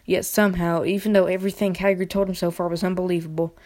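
A woman with a somewhat low voice reads a storybook aloud. Her pace is unhurried, and she now and then trips over a word and starts it again. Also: level tone, a little mellow. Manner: unhurried reading with occasional stumbles and restarts. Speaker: reader. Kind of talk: amateur audiobook reading.

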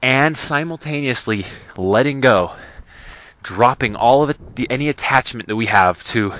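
A man's voice: medium pitch, expressive, moderate pace, fairly bright tone. A man hosting a podcast, telling a personal story in an earnest, casual way with many restarts. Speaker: podcast host. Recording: dull lo-fi recording.

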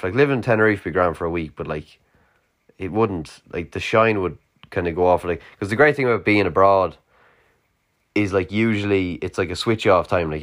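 A young Irish man with a very low, deep voice talks through a late-night solo podcast. He rambles loosely, with plenty of "like" and casual swearing. He sounds tired, with a yawn now and then. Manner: rambling, sweary, filler-heavy. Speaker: podcast host.

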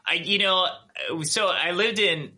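Bright-voiced Minnesotan man chatting. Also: sits high, slightly rough. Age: adult with a child. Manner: relaxed, halting, many fillers and restarts. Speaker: guest. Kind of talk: casual interview chat.

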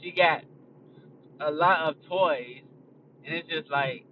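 A man's voice: fairly high pitch, slow pace, distant mic, lo-fi sound, slight background noise. A young man talking casually as a podcast host, blunt and profane, rambling from a moving car. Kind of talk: casual chat. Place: in a car on a highway.

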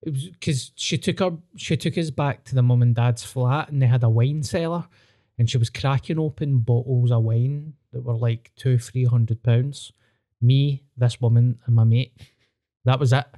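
Scottish male podcast host, relaxed storyteller, dark mellow voice. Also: mid-range voice, normal speed. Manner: casual storytelling, laid-back. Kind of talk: casual podcast chat.

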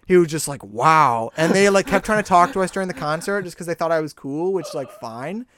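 A man's voice: high-pitched, fast talker. A young man in casual chat, telling stories with swearing and acting out the voices of people he quotes.

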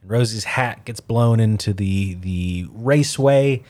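Low-voiced man recapping a film. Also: measured pace, a little mellow, dry recording. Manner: rambling, trails off, laughs at own slips. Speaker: podcast co-host. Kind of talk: casual chat.

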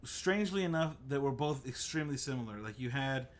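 Male podcast host, lively pitch, joking and rambling, casual call recording. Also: fairly quick, slight background noise. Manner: jokey, rambling, mock ad reads. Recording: remote call, own mic.

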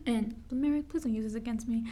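Animated young woman telling stories. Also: fairly high pitch, a little fast. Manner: animated storyteller, says "like" often. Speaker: podcast co-host. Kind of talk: casual chat.

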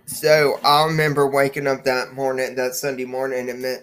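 A man's voice: mid-range voice, completely flat delivery, normal speed, a bit bright, clean tone. A man hosting his own podcast, rambling along with many fillers and repeated words. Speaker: podcast host. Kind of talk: casual monologue podcast.

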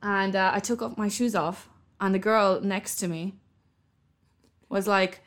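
A woman co-hosting a podcast in casual chat, telling animated stories and acting out other people's voices with laughter. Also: medium pitch, measured pace. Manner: animated storyteller, acts out voices with loud laughter. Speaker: podcast co-host.

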